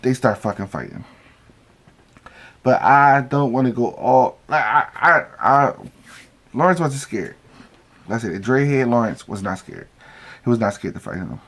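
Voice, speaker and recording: A man's voice: mid-range voice, animated, measured pace, pauses often, fairly bright tone. A man recapping a reality show in a casual vlog, telling it as profane, gossipy stories and acting out what people said. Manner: acts out quoted lines.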